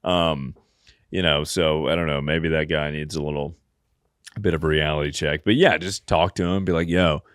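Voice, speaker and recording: A man's voice: rumbling low, fairly even intonation, moderate pace, a bit bright, smooth, no room sound, clean studio sound. A man hosting a podcast, giving crude, joking advice and laughing often. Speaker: podcast host. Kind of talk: casual comedic advice chat.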